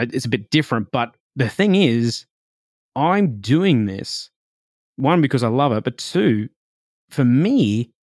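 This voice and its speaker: A man hosting a podcast, telling a personal story in a relaxed, reflective way, full of "like" and "you know". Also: mid-range voice, dry recording, clean studio sound. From Australia. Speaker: podcast host.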